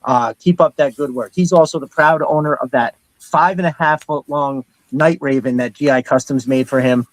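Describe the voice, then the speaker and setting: A man's voice: medium pitch, moderate pace, hardly any pauses, no echo, rough recording. A middle-aged man hosting a live stream in casual, rambling chat. He reads out viewer comments and greets each viewer as brother. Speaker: host of a live stream show.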